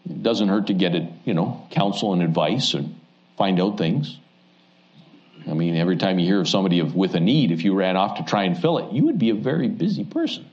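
Joking pastor preaching a sermon. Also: male voice, low voice, expressive, a little fast, a little mellow, highs cut off. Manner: conversational and joking, with rising asides. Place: church during a Sunday evening service.

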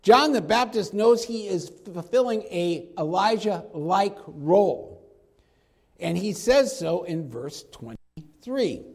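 A man's voice: high voice, lively intonation, slow. A man teaching through a Bible passage in a conversational sermon, now and then acting out the quoted speakers in casual slang. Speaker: preacher.

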